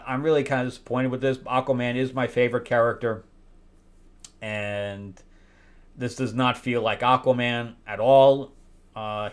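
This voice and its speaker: A man giving a casual spoken review of comic books, candid and wry, pausing often with fillers and restarts. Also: mid-range voice, smooth. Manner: candid and wry, with loud incredulous outbursts; hesitant, many fillers and restarts.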